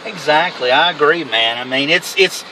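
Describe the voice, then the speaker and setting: A man talks in a loose, wandering way, his voice fairly high and very bright. He chats casually from inside a moving car. Faint road noise hums under him. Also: moderate pace, low-quality recording. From American South. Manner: rambling, laid-back, laughs often. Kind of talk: casual chat. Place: inside a car driving at night.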